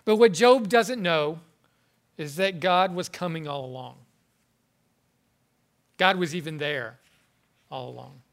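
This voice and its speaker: A man preaching a sermon in an earnest, halting way, often repeating words as he goes. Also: on the high side. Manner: earnest, halting, with frequent word repetitions.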